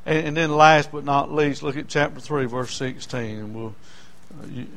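A man preaching a sermon, telling folksy stories and swinging between loud declarations and hushed asides. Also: mid-range voice, moderate pace.

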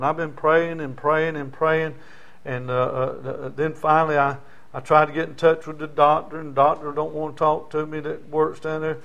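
A man's voice: a little high, little pitch movement, normal speed, vocal fry, a bit bright. Folksy preacher man. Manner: folksy storytelling, Southern dialect. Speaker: pastor. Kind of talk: sermon.

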